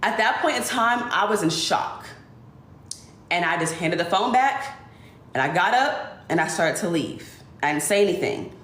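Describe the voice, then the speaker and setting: Woman retelling a betrayal, animated. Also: fairly low pitch, moderate pace, roomy sound. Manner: animated, speeds through dramatic retelling. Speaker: influencer livestreamer. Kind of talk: emotional storytelling.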